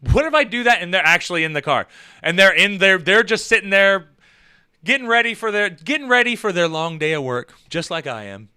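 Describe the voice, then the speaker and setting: A man hosting his own show, telling rambling comic stories in a casual, animated way with swearing. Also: high voice, fairly quick, clear, resonant tone. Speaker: show host. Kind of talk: casual comedic storytelling.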